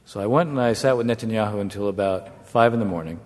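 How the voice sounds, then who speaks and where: A man, a former negotiator, telling a wry anecdote to an audience in a measured way. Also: fairly low pitch. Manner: measured, wry storytelling with brief chuckles. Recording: long hall reverb.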